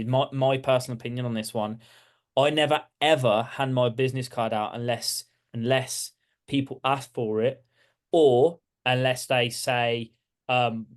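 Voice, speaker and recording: A man with a Brummie accent chats loosely as an interview guest, at a mid pitch. He talks in looping sentences full of "like" and restarts. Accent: Birmingham English. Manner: chatty, many restarts and "like" fillers. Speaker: guest, architecture practice owner. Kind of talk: casual interview chat.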